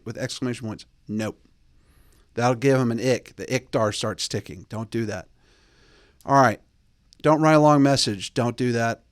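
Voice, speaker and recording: A man's voice: animated, normal speed, pauses often, no room sound. A male host giving blunt, bossy dating advice in a casual monologue, close to the mic. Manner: blunt, bossy, mocks texts in a high put-on voice.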